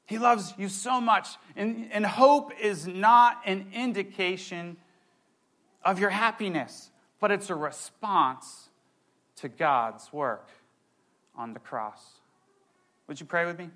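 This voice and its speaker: Excitable high-voiced man preaching. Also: takes it slowly. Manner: excitable and animated, with playful asides. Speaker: pastor. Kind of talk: sermon.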